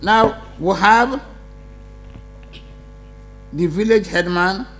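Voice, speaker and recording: A man's voice: sits high, very slow, fairly bright tone, a little hiss or hum. A man presiding as speaker of parliament, firmly ruling on points of order and emphatic when he disagrees. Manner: firm, emphatic, interrupting. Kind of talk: chairing a parliamentary debate. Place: parliament chamber.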